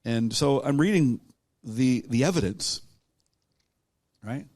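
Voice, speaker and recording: A man being interviewed about his own life, talking in a halting, reflective way with many restarts. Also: medium pitch, lively intonation, a little mellow, no room sound, clean studio sound. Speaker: guest author. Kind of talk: conversational storytelling.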